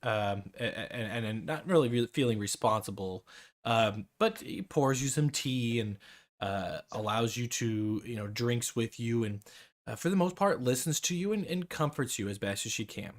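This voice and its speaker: A man's voice: medium pitch, lively intonation, moderate pace. Rambling male game master. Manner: rambling with many restarts and fillers. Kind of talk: narrating a tabletop game.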